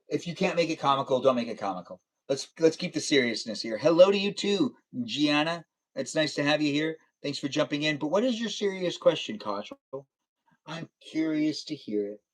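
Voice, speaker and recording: Young male streamer, slightly higher voice, playful and teasing, casual chat with viewers. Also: a bit bright. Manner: playful, teasing, laughs often. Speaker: live streamer. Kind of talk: casual livestream chat reading viewer comments.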